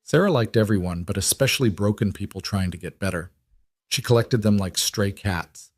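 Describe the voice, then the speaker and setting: A man voicing a kind, widowed single father who speaks calmly with a mild teasing edge. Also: fairly low pitch, moderate pace, no echo, clean studio sound. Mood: reflective. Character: kind widowed single dad, wry and steady.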